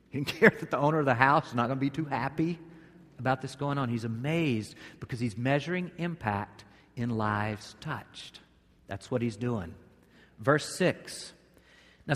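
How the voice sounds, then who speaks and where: A pastor preaching a sermon, telling the story vividly, jumping to loud bursts and dropping to quiet asides. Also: male voice, mid-range voice. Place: church sanctuary during a service. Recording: long reverb of a large hall.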